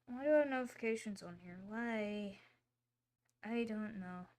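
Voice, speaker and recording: A woman's voice: mid-range voice, normal speed, darkish tone. A woman hosting a casual livestream, talking in a rambling, chatty way with lots of fillers and apologies. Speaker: livestream host.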